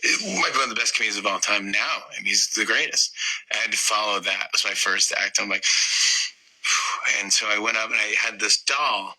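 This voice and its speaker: A man in his fifties telling an anecdote as an interview guest, animated and acting out voices. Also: lowish voice, a little fast, low-quality recording. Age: 50s. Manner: animated storyteller who acts out voices. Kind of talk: casual anecdote.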